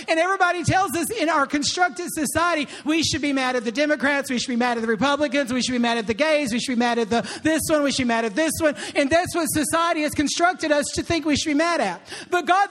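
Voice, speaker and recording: A man preaching a sermon, lively and conversational, tossing in call-and-response asides to the congregation. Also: very high-pitched. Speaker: pastor.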